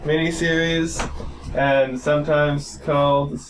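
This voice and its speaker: A playful man hosting a casual podcast, joking with friends and reading aloud. His voice sits a bit high for a man. There is faint noise behind him. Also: little pitch movement, slow, recorded from a distance. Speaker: podcast host.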